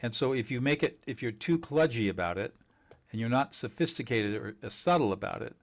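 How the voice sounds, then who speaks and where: A man teaching communication skills in an interview, emphatic and animated, laughing often and acting out quoted dialogue. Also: medium pitch, fairly quick, creaky. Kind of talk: conversational interview.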